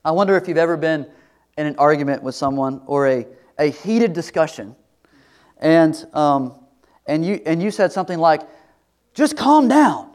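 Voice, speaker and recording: Middle-aged pastor guy preaching, kinda high voice, chatty, goes soft and confiding sometimes. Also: moderate pace, clean tone. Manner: conversational preaching, drops to soft confiding tones. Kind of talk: sermon.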